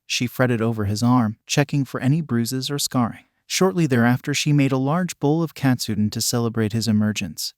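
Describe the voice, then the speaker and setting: A man narrating a fan-fiction story as a steady audiobook reading. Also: medium pitch, no echo, studio quality.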